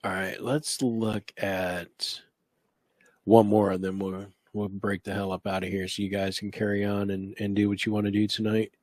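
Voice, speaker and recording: A man co-hosting a casual talk show, talking through what he heard in a halting way, searching for words. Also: lowish voice, little pitch movement, a little mellow, no room sound. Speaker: radio show co-host. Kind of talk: casual paranormal investigation chat.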